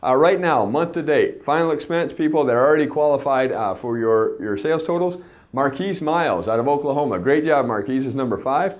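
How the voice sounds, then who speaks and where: A man's voice: mid-range voice, lively intonation, fairly quick, lo-fi sound. Jokey man hyping sales rankings. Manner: chatty and jokey, hyping up names like an announcer. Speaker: company CEO. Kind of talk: weekly company video announcing sales rankings.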